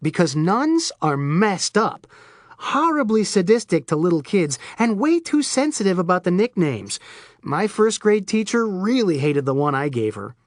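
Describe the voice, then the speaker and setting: A woman's voice: lowish voice, very animated, normal speed, dry recording. An irreverent, rambling man with wild theatrical swings in his voice, as a woman reads him in an audiobook. He sounds close and dry, with no room around him. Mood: sardonic. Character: manic wisecracking male Florida oddball. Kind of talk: audiobook character voice.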